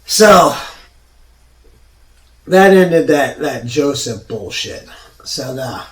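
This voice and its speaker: A man's voice: medium pitch, lively intonation, drawn-out words, fairly bright tone, far from the mic. A man hosting his own show, telling a personal story in a rambling, profane way with many restarts. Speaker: show host. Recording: roomy sound from off mic.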